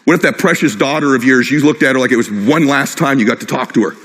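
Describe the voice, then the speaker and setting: A man's voice: mid-range voice, fast talker, fairly bright tone. A middle-aged man giving a motivational stage talk, impassioned and personal, driving his point home with short repeated phrases. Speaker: motivational speaker. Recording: long hall reverb.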